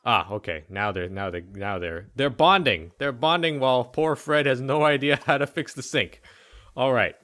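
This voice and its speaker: A man's voice: mid-range voice, moderate pace, bright, forceful tone. A man giving joking, rambling commentary on a life-sim game, talking to the characters. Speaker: let's play host. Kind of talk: casual gameplay commentary.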